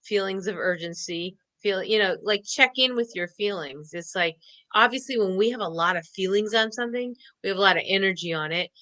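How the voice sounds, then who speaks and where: A woman's voice: mid-range voice, a little fast, pushed and bright, dry recording, rough recording. A woman co-hosting an online show, chatting casually and upbeat while pulling cards and laughing often. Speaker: co-host doing card readings.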